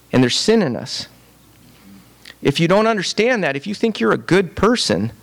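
A man preaching a sermon in a conversational, repetitive way, often checking in with "right?". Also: fairly high pitch. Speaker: pastor.

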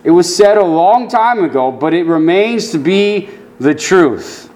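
A man preaching a sermon, earnest, dropping his voice low and soft when he quotes scripture. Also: animated, a little slow. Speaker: pastor.

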